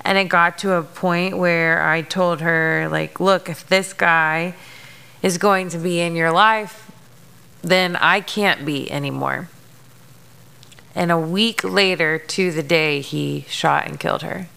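A woman's voice: on the low side, fairly even intonation, slow, creaky, sharp tone, clean tone. A young adult woman hosting a podcast, talking frankly and emotionally about her week, swearing freely and with many fillers. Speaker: podcast host. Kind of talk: candid personal monologue.

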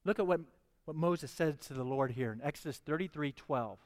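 Speaking a little high and a little fast, a man reads scripture and then preaches with mounting fervor, questioning his listeners pointedly. The audio has a big-room sound.

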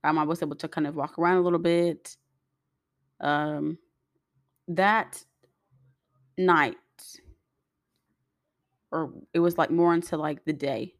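A woman's voice: sits low, steady tone, slow, long pauses, dry recording, clean studio sound. A young woman telling a personal story to her viewers in a chatty, rambling way, acting out the voices of the people in it. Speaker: vlogger.

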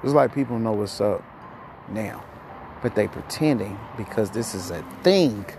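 A man's voice: fairly low pitch, lively intonation, moderate pace, noisy background. A man hosting a podcast, ranting heatedly with lots of profanity and a rambling flow, somewhat out of breath. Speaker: podcast host. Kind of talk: ranting monologue.

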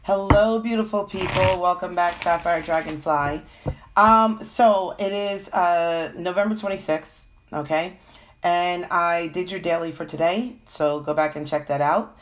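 Female tarot reader with a cold, slightly low voice, chatty and filler-heavy. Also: measured pace. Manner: chatty, frequent fillers and "okay?" check-ins. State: has a cold. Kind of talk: live-stream tarot reading.

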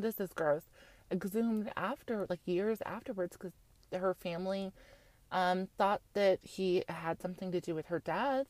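A young woman from Utah chats casually as a podcast host. She rambles frankly and swears freely. Her voice sits at a middle pitch and sounds dry and close to the mic. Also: darkish tone, no room sound. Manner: chatty and frank, full of fillers and swearing. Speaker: podcast host recapping a reality show. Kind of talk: casual chat.

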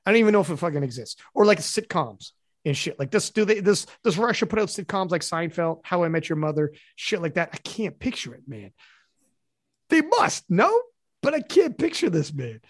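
Profane, animated podcast host, a man. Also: on the high side, fairly quick, no room sound, studio quality. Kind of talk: casual chat.

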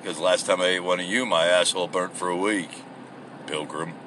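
A man doing a deep, drawling deadpan crocodile. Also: brisk, distant mic, background noise, lightly acted. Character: deadpan male crocodile in a moat.

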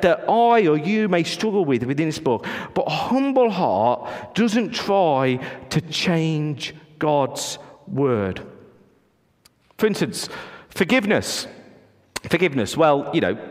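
A man preaching in a fairly high voice that rises and falls in lively swings. He is earnest and conversational, stumbling into restarts and asides, and his words carry a long hall reverb. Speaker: pastor. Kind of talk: sermon.

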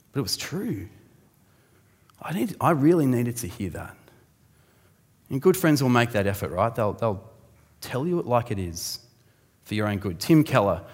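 A man preaching a sermon in a conversational, animated way, acting out the voices he quotes. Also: mid-range voice. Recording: long hall reverb.

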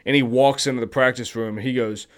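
A man's voice: medium pitch, fairly even intonation, fast. A man hosting a podcast, talking casually and profanely about sports with strong opinions. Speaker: podcast host.

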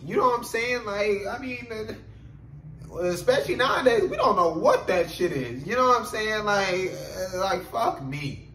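A man's voice: high voice, normal speed, reverberant, slight background noise, poor audio. A man telling a story in a casual, profane podcast monologue, with frequent fillers and laughter. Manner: animated and profane, many filler phrases, laughs while telling. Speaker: podcast host.

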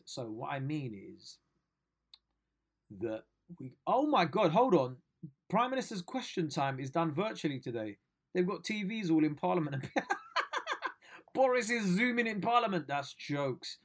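A man hosting a solo comedy podcast, rambling and slangy with lots of bruv and innit. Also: on the high side.

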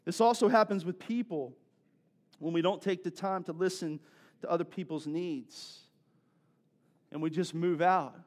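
Pastor guy in his 40s, kinda high voice, chatty preaching, talks right to the crowd. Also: measured pace, long pauses. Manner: conversational, animated storytelling with laughs and asides to the congregation. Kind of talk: sermon.

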